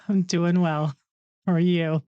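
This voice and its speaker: A woman who is a guest on a podcast, talking in an even, slightly hesitant way, with a dull, lo-fi sound. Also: lowish voice, a little slow, clean tone, no room sound. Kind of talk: casual chat.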